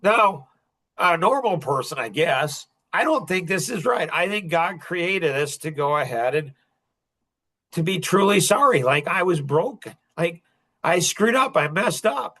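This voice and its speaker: A man telling a rambling, emotional personal story on a podcast, getting louder and higher when he makes a point. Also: animated, a little slow. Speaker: podcast guest.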